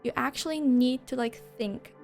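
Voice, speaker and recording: Young woman gushing over a game, kinda high voice, swears and laughs a lot. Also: normal speed, vocal fry, darkish tone, soft background music. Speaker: game reviewer. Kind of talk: casual video review.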